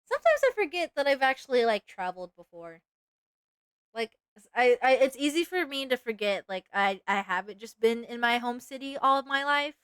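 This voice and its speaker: A woman's voice: on the high side, very animated, brisk, a bit bright, clean tone, dry recording. A woman from East Texas with a Southern accent, chatting casually and rambling with her viewers while she draws on a live stream. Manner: rambling, chatty, asks chat questions, laughs easily.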